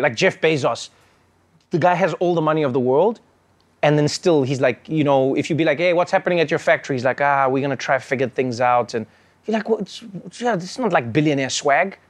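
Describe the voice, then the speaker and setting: A man performing stand-up comedy, animated and acting out characters, then hosting his show. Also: a little high, quick pace. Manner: animated, acts out characters in shouted bits.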